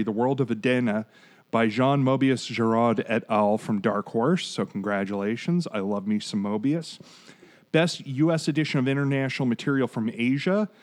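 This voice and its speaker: A man in his forties hosting a podcast, chatting casually and digressing as he reads out award winners. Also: mid-range voice. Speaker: podcast host.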